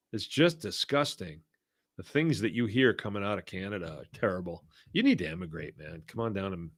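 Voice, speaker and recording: A man's voice: lowish voice, pushed and bright, dry recording, studio quality. An older man from Massachusetts hosting a podcast, reading listener comments in casual talk with a folksy, blunt manner and frequent chuckles. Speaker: podcast host.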